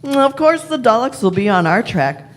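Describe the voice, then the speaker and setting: A wily time traveller , voiced by a woman, speaks with imperious, deliberate authority and leans on every phrase. It is a live fan radio play. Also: a little high, very animated. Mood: explaining. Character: wily elderly female time traveller, the Doctor.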